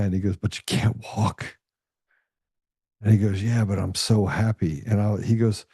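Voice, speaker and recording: A man's voice: lowish voice, mellow, no echo, clean studio sound. A male podcast host telling stories in a casual, blunt way, swearing freely and acting out the voices of people he quotes. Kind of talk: casual conversational storytelling.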